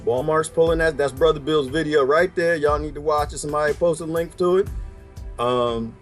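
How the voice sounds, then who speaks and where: High-voiced heated man ranting. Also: normal speed, faint music behind. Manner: heated, preachy, fires rhetorical questions. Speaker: video blogger. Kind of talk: ranting monologue to viewers.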